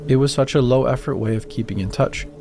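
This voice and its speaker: A man calmly reading first-person horror stories as a scripted narration, with music behind him. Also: mid-range voice, quick pace. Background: background music.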